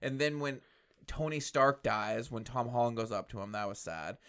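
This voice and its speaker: A man's voice: medium pitch, moderate pace, fairly bright tone, clear, resonant tone. A man hosting a podcast, talking casually and retelling scenes with emotional, gushing energy. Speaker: podcast host. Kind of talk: casual chat.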